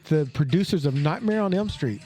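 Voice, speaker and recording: A man's voice: on the high side, expressive, brisk, warm tone, faint music behind. A man with an Oklahoma accent, co-hosting a podcast in casual, folksy chat and telling stories eagerly. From Tulsa, Oklahoma. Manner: chatty storyteller, eager and folksy. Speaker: podcast co-host.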